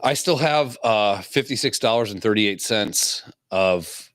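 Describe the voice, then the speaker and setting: A man with a fairly low, fairly bright voice co-hosts a podcast, speaking a little slowly in a laid-back, casual way, swearing freely and chuckling often. He's from Illinois, and the recording is dry with clean studio sound.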